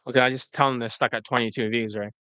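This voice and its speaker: A man's voice: medium pitch, fairly even intonation, fast, bright, forceful tone, clean tone, no room sound. A man coaching on a casual live stream, reading answers aloud, cursing at slips and retaking lines, with "right?" tossed in often. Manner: cusses freely, asks "right?" as he talks. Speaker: dating coach.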